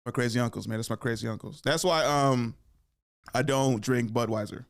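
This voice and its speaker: A young man hosting a comedy podcast, spinning a story from his childhood. His voice sits at a middle pitch, and he keeps jumping into high, loud impressions of his relatives as he acts out each scene. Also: slow pace, long pauses. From Oakland area, California.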